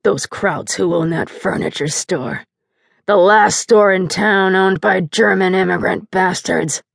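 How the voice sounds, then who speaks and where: A woman voicing a drunk, grim middle-aged farm father with a slurred, gravelly voice. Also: fairly low pitch, measured pace, no room sound, studio quality.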